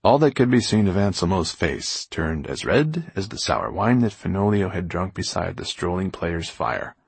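Man, audiobook narrator, expressive, deep, husky, gravelly. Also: normal speed, no echo. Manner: expressive storytelling. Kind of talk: scripted narration.

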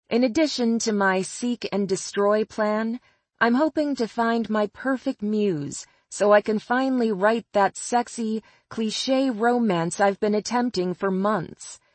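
A woman's voice: medium pitch, no room sound. A woman narrating a first-person novel as an audiobook, with a wry, sardonic delivery.

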